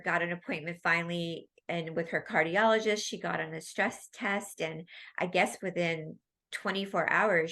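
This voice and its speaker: A woman with a bright, forceful voice and a slightly low pitch tells stories as an interview guest. Her talk is casual and rambling, with many asides. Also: vocal fry. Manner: animated, rambling storytelling. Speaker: guest, medical intuitive medium.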